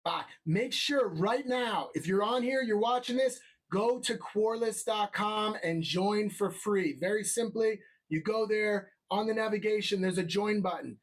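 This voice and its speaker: A man hosting a live show who rambles loosely, keeps checking in with the audience, and slips into an upbeat promotional pitch. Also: unhurried, few pauses. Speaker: show host.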